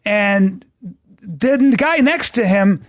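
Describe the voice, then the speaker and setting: High-voiced comedian, self-mocking. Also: male voice, lively intonation, dry recording, clean studio sound. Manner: self-deprecating, halting restarts, laughing asides. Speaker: comedian and podcast guest. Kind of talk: casual podcast storytelling.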